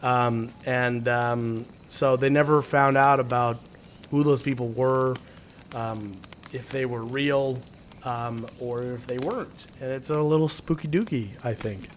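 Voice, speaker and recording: A man's voice: mid-range voice, fairly even intonation, a little slow, slight background noise. A young man hosting a podcast, chatting loosely with lots of swearing and ums, then reading out listener stories. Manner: loose and profane, trails off with ums. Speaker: podcast host.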